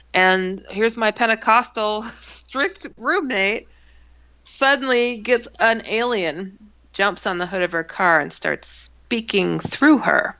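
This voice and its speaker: Gravelly, bright-voiced woman telling a story. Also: medium pitch. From Milwaukee, USA. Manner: animated, acts out dialogue in the story. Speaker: author and guest. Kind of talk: interview storytelling. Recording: dull lo-fi, dry.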